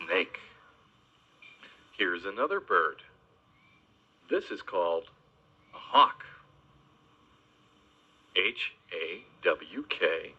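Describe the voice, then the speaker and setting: A man slowly teaching young children animal names, spelling words out and making animal noises. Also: deep voice, dull audio. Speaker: children's educational host.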